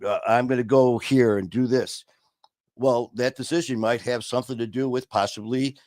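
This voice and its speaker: A man co-hosting a casual recovery talk show, speaking earnestly and telling personal stories, dropping quieter on painful moments. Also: medium pitch, fairly even intonation, moderate pace, no echo. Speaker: podcast co-host.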